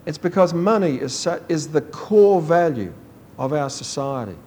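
A man's voice: fairly high pitch, animated, moderate pace, darkish tone. A male pastor giving a sermon in a conversational storytelling manner, acting out bits of dialogue with frequent asides.

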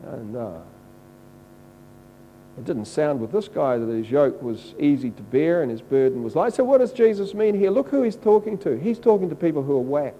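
A man's voice: a little high, lively intonation, moderate pace, dark tone, low-quality recording. A man preaching a conversational, earnest sermon and quoting scripture. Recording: faint mains hum.

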